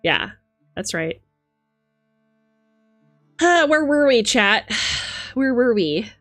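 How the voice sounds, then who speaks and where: A young woman streamer chatting casually with her viewers, animated, laughing and swearing freely. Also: fairly high pitch, extremely slow, faint music behind. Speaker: livestreamer.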